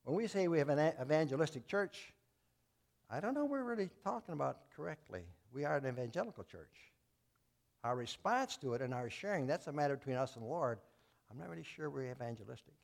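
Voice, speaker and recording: A man preaching as a Baptist pastor, folksy and plain-spoken, swinging between loud emphatic lines and quiet asides. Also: a little high, big pitch swings, a little fast, creaky. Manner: folksy, telling jokes and acting out voices. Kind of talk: sermon.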